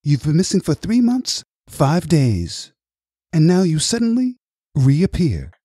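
A sharp female agent and psychologist in her forties, put on by a man reading an audiobook, raised well above his usual pitch with lively swoops. She probes in a measured way. The voice sounds mellow and a little husky, close and dry. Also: dry recording, exaggerated voice. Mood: probing. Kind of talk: audiobook character voice.

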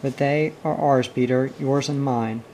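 Man voicing a prim motherly girl from a storybook, fussy and mellow-toned. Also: mid-range voice, steady tone, unhurried, a little hiss or hum, natural voice. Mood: tart. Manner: prim, fussy, gently scolding. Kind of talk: audiobook reading.

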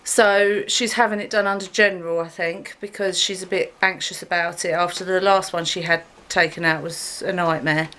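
A woman's voice: steady tone, normal speed, few pauses, bright, forceful tone. A woman vlogging while walking her dog outdoors, talking to her phone camera in a chatty, rambling way. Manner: chatty, rambling, talks to her dog in a high sing-song voice. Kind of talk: casual chat to camera.

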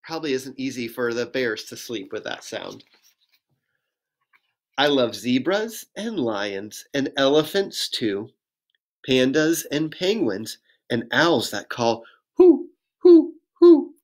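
A man, a pastor, reading a children's picture book aloud in a gentle sing-song voice and inviting young listeners to join in. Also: mid-range voice, lively intonation, takes it slowly.

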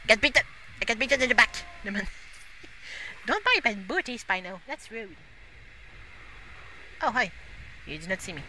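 Excitable gamer with bright, lively voice. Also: female voice, fairly high pitch, moderate pace, long pauses, slight background noise. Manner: excitable, laughs often, frequent exclamations. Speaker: gaming YouTuber. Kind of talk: casual gameplay commentary.

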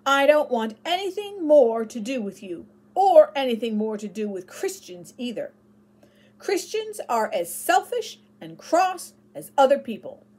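A woman's voice: high-pitched, unhurried, husky, voice pushed up, heavily acted. A woman reading a story aloud, voicing a young boy who answers coolly and scornfully. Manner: lively, then cool and scornful.

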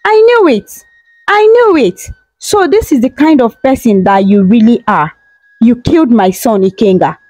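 A woman's voice: animated, normal speed, darkish tone, no room sound, rough recording. A woman voicing an enraged queen mother who scolds and accuses in a storybook telling. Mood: outraged. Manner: shrill, scolding.

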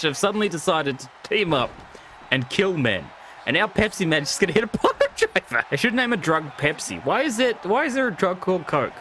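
A young man with a slightly high voice commentates a wrestling video game on a casual live stream, with slight background noise. He is excitable and jokey, swearing a lot and laughing often.

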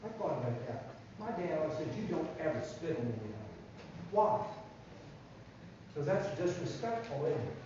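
A man giving a children's sermon in a church, telling a Bible story in an animated way and asking the kids questions. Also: fairly high pitch, normal speed, noisy background. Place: church sanctuary. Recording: echoey church from far off, dull sound.

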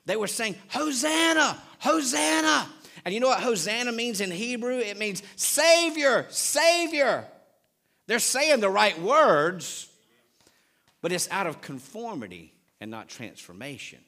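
A man preaching a sermon, repeating phrases and asking the congregation questions, swinging between loud exclamations and hushed low passages. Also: sing-song, unhurried. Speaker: pastor.

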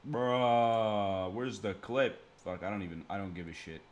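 A man's voice: deep voice, a little fast, dull audio. A young man streaming, giving crude, rambling reaction commentary full of swearing.

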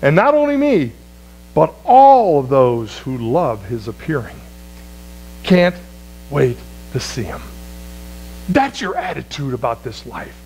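A man preaching a sermon as pastor, swinging from loud, high exclamations to low, quiet phrases. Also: big pitch swings, slow pace, pauses often, breathy edge, faint music behind, low-quality recording.

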